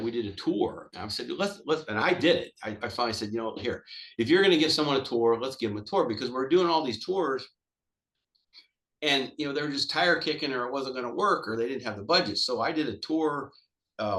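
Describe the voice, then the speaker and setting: A man's voice: medium pitch, roomy sound. A man who manages golf courses, talking casually in a webinar, rambling and acting out conversations. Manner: rambling and animated, acts out dialogue, says "man" often. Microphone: webinar call mic.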